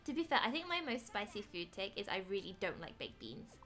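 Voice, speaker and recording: A woman's voice: medium pitch, big pitch swings, fairly quick, fairly bright tone. A young British woman chatting playfully while streaming a game, exclaiming as she plays. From Britain. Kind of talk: casual gaming stream chat. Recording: faint background music.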